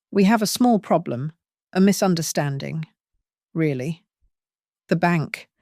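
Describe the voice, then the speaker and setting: A narrator voicing a manipulative middle-aged husband who talks in a cloying, condescending, soothing way. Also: male voice, high voice, creaky, dry recording, clean studio sound.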